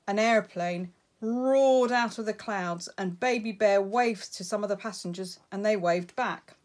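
A woman reading a children's picture book aloud, expressive and lilting. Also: mid-range voice, unhurried. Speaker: storybook reader.

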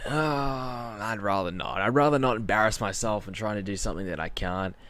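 A man's voice: fairly low pitch, a little fast, a bit bright, dry recording. A man giving casual, rambling commentary while playing a wrestling video game, often interrupting himself. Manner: rambling, chatty, self-interrupting. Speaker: gaming channel host.

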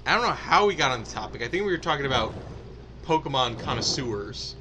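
A man's voice: mid-range voice, big pitch swings, fast, noisy background. A young man co-hosting a gaming video, telling a story in a rambling, easygoing way. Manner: rambling, lots of restarts and fillers while telling a story. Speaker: let's play co-host. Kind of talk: casual storytelling chat.

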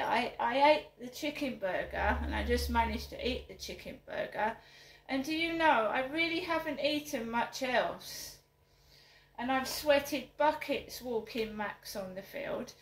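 A middle-aged woman rants to camera in her flat, her voice sitting a little high. She is indignant and emphatic, hammering her points home by repeating them. The room around her rings with a noticeable echo. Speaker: vlogger. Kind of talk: angry personal vlog rant.

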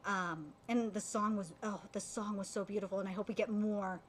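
A woman streaming a live anime reaction, gushing as an excitable fan with many fillers and restarts. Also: mid-range voice, normal speed, slight background noise.

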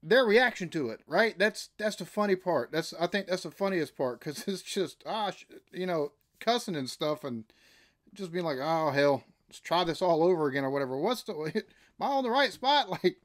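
A man's voice: sits high, animated, moderate pace, fairly bright tone. A man, hosting a casual reaction video, laid-back and laughing as he rambles. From United States.

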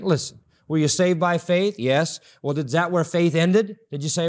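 A man's voice: on the high side, normal speed, few pauses, darkish tone. A man preaching a sermon, emphatic and repeating key phrases for stress. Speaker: pastor. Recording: audio-only sermon recording.

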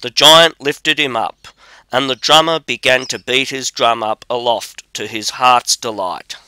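A man narrating a classic fairy tale as an audiobook, in a measured, unhurried way. His voice is bright and smooth, and the recording is dry and close. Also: medium pitch, fairly even intonation, no room sound.

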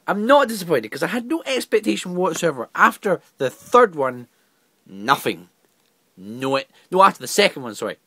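A man rants through a film review in an exasperated, rambling way, stumbling over his words and restarting often. His pitch leaps around expressively, and the recording is dry and close. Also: a bit bright, no echo. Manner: exasperated rant with stammering restarts. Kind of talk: casual video review.

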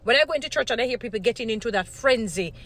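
A woman's voice: fairly high pitch, lively intonation, rapid-fire, a bit bright. A woman giving Christian commentary in a casual vlog, earnest and given to repeating points for emphasis. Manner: earnest, grows indignant, repeats herself for emphasis.

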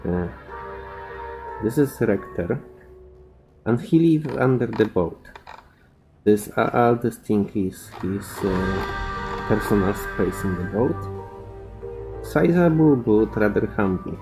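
Slow, hesitant non-native male reader. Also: fairly low pitch, animated, music in the background, low-quality recording. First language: not English. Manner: slow, hesitant with fillers and restarts. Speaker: game player reading dialogue. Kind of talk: reading game text aloud.

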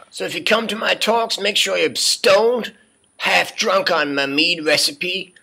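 Man doing a comedic spoof, boastful self-styled guru in his forties, rambling mocking monologue, higher voice, sharp bright tone.

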